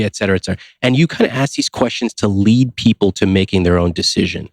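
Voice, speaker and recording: A man's voice: on the low side, quick pace, dry recording, clean studio sound. A man from the United States, a guest on a podcast, telling stories in a casual interview. He acts out quoted dialogue and keeps asking rhetorical questions. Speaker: podcast guest, finance author.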